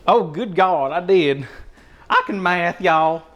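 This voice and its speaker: A man's voice: a little high, slow pace, fairly bright tone. A man doing a put-on, exaggerated Southern drawl as a folksy, hospitable cook while chatting on a cooking livestream. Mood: playful.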